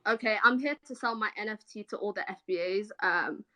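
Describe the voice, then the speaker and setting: A woman's voice: medium pitch, brisk, sharp tone, dry recording, lightly acted. A woman caller putting on an unconvincing fake Southern accent to tease the host. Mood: teasing. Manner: put-on bad accent, teasing. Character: woman faking a Southern drawl, mocking.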